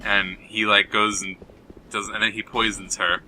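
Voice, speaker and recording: With game music underneath and a little hiss or hum, a man on the low side talks at a moderate pace in a level yet sharp tone. He's co-hosting a gaming show, casually chatting during play and dismissively rambling through a film plot with many fillers.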